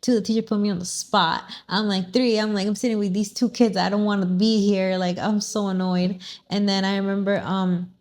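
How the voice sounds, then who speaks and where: Animated young woman telling a story. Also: medium pitch, a little fast. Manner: animated storyteller, acts out quotes, mixes in Spanish phrases. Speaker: vlog host. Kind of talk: casual storytelling chat.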